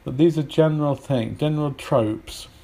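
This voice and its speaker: A British man teaching English pronunciation in a podcast lesson, repeating example words aloud slowly with pauses. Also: a little high, creaky, dark tone, slightly rough. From United Kingdom.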